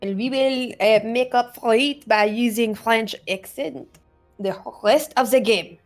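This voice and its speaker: A woman's voice: on the high side, unhurried, faint music behind. A woman co-casting a live game, teasing and giggly in her banter. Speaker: esports co-caster.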